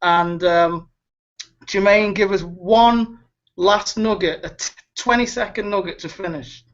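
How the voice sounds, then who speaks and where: A man's voice: high-pitched, unhurried, muffled recording. A man hosting a webinar, giving an urgent motivational pep talk and repeating words as he pleads with listeners over a video call. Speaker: webinar host.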